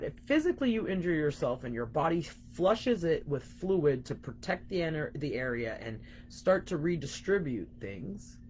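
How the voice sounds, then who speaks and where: Frank, low-voiced woman coach. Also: a little mellow, slight background noise. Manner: frank, emphatic, swears casually, addresses viewers as guys. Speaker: spiritual coach. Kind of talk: live-stream coaching talk.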